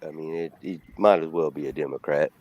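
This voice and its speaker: A man on a talk panel in heated political chat, indignant and halting at times. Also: very deep voice, darkish tone, lo-fi sound. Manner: indignant, hesitant with fillers.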